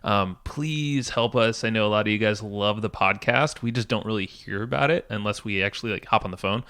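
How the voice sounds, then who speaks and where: A podcast co-host with a low male voice, loose and chatty and quick to laugh. The sound is dry and close, with no room around it. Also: a bit bright, no room sound. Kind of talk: casual podcast chat.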